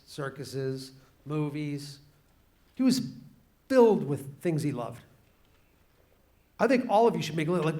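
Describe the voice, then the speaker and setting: Animated man telling a story to a class. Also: on the high side. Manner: animated, shifts pace and volume for drama. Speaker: author speaking to students.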